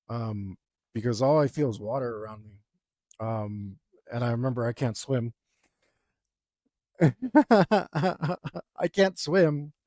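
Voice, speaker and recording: A man's voice: mid-range voice, a little mellow, no echo, clean studio sound. A young man casually telling a rambling, self-deprecating story, with lots of fillers, while he draws. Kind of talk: casual anecdote while drawing.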